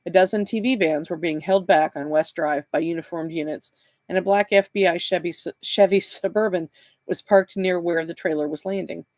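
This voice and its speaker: A man, the author, reading his novel aloud in a live session with steady, plain narration. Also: fairly high pitch, moderate pace, no room sound.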